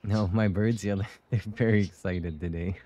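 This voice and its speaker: Slow, low-voiced giggly male streamer. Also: steady tone, mellow, a little hiss or hum. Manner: chatty, giggly, reacts aloud. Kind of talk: live gameplay commentary. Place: home with pet birds chattering.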